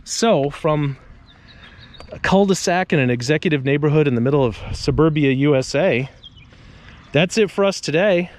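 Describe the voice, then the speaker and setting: Standing outdoors on a suburban street, a trash-picking vlogger chats to viewers on camera, mixing in joking remarks. His voice is on the high side and his pace is moderate.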